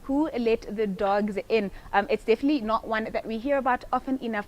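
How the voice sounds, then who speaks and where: A woman's voice: fairly high pitch, a little fast, few pauses, darkish tone. A woman moderating a webinar, introducing speakers in a friendly way with frequent ums. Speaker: event host.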